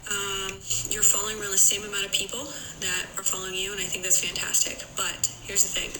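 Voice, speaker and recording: A woman's voice: medium pitch, completely flat delivery, fast, music in the background. A woman dating coach chatting casually on a live stream, acting out dialogue in her stories. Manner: chatty, acts out dialogue in anecdotes. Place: room at home, streaming live. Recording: echoey room with loud background noise.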